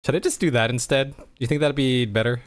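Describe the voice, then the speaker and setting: A man's voice: medium pitch, quick pace, no echo. A man hosting his own channel, casually talking through plans and thinking aloud to his viewers. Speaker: streamer and channel host.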